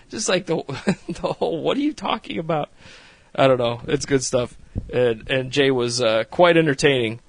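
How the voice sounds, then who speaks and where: A man hosting a podcast, casually recapping a reality show in a rambling way, laughing often and swearing freely. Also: mid-range voice. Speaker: podcast host.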